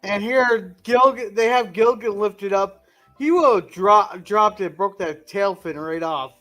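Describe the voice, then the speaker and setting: Male co-host, high-pitched, casual chat, quick agreements and jokes. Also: a bit bright, soft background music. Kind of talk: casual episode commentary.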